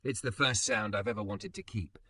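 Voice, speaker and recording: A man voicing a guarded young woman in a romance story, speaking softly and hesitantly. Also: medium pitch, big pitch swings, fairly quick, creaky, no room sound, distant mic, pitched above the performer's own voice, full character voice. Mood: tender.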